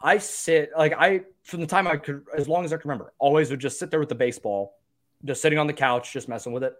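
A man's voice: fairly high pitch, fast talker, a bit bright. A young man co-hosting a casual sports podcast, chatty and self-deprecating, laughing often. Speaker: podcast co-host.

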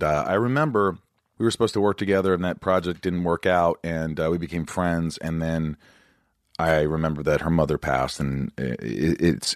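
A man hosting a podcast interview, talking in an animated, joking and teasing way. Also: rumbling low, no room sound, studio quality. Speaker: podcast host. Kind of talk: casual interview chat.

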